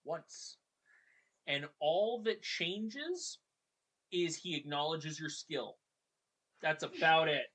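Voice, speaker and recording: Chatty podcast host retelling a game. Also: mid-range voice. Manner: chatty and animated, drops into quick character voices. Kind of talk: casual retelling of a video game story.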